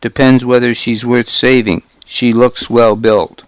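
A man's voice: medium pitch, level tone, measured pace, no echo, natural voice. A man voicing a defiant, sneering male informant in an audiobook, speaking in short, scornful lines. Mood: matter-of-fact. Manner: curt, scornful.

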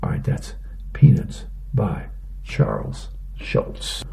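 A man reading the newspaper aloud in a plain, unhurried way for a reading program. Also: on the low side, wildly swooping pitch, gravelly, warm tone, in a whisper.

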